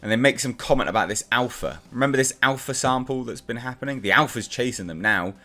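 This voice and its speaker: A man's voice: medium pitch, animated, fast talker, sharp tone, faint music behind. A man reviewing a comic book in a casual, exasperated and sarcastic rant.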